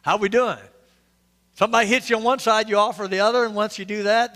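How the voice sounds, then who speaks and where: High-voiced pastor in a reverberant church. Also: male voice, normal speed, pauses often, pushed and bright. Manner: conversational, quizzing the congregation, joking asides. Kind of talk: interactive sermon. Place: church sanctuary.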